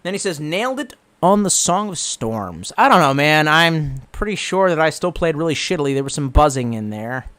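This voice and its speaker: A tipsy young man from the Washington DC area reads live-stream chat aloud, swearing freely and answering with sarcasm. His voice is a little high for a man and very animated, swinging all over as he rambles. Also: moderate pace, few pauses. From Washington DC metro area, US. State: getting drunk.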